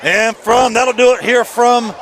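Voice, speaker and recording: A man doing folksy, lively play-by-play for a high school football game at an outdoor stadium. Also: a little slow, some chatter behind. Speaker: play-by-play announcer. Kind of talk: sports commentary.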